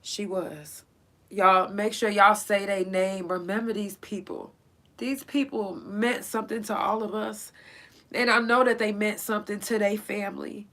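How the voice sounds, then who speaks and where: A woman's voice: medium pitch, steady tone, a bit bright. Tearful woman host remembering friends. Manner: tearful, halting, pausing to collect herself. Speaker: podcast host. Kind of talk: emotional solo podcast remembrance.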